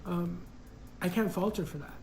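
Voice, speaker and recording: A man's voice: sits high, normal speed, darkish tone, slight background noise, rough recording. A man casually telling a personal story in a reflective, hesitant way, full of fillers.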